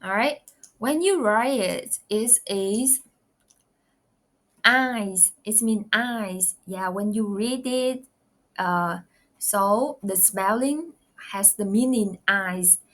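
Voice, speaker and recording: Female language teacher, Vietnamese accent, very slow and deliberate, repeats each sound. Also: medium pitch. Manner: slow, careful modeling of sounds with repetitions. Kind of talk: pronunciation lesson.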